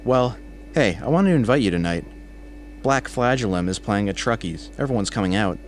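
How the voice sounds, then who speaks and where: A man's voice: on the low side, expressive, brisk, a little hiss or hum. A man voicing a teasing, chatty male coworker with an Austrian accent.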